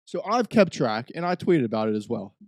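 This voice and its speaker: A young man, a podcast host, telling a profane, ranting story in casual chat, swinging between low mutters and loud outbursts. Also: very animated, fairly quick, dry recording.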